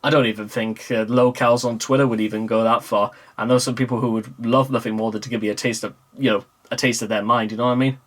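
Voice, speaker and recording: A man's voice: mid-range voice, little pitch movement, fast, few pauses. Rambling young man. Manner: meandering, full of fillers and self-corrections. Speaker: vlogger. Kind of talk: casual rambling monologue. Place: small room with a green screen.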